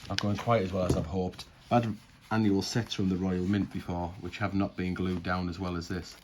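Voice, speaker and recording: A man's voice: low-pitched, flat delivery, fairly quick, background noise. A man musing aloud in a casual unboxing commentary, chatty and tripping over words. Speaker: coin collecting vlogger.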